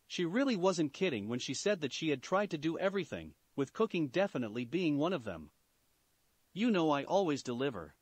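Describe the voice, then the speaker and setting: A man narrating a fan fiction story aloud in an animated, expressive way. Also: fairly high pitch, brisk, hardly any pauses, no room sound. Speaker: story reader.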